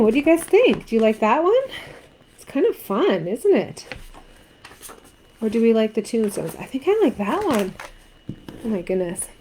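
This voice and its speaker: A woman's voice: mid-range voice, dark tone, a little hiss or hum, rough recording. A woman from Canada teaching a card-making craft tutorial, chatting and asking viewers what they think. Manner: chatty, asks viewers questions.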